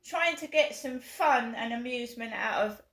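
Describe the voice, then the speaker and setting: A woman's voice: a little high, moderate pace, a bit bright, roomy sound. A British woman in her fifties ranting angrily to camera on her vlog, swearing hard and jabbing with sarcasm. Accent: British English. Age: 50s. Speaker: vlogger. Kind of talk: angry rant to camera.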